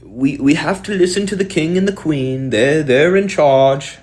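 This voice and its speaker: A man voicing a humble British peasant farmer, speaking slowly in a raised, deferential voice. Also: darkish tone, natural voice. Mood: meek. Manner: slow, high, humble.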